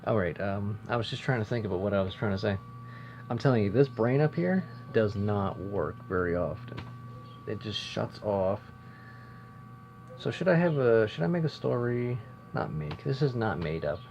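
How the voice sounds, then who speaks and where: A man's voice: on the low side, lively intonation, normal speed, gravelly, darkish tone, faint music behind. A young man rambling casually through a story from his old job, chatty and self-interrupting. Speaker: vlogger. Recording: dull lo-fi sound with faint noise.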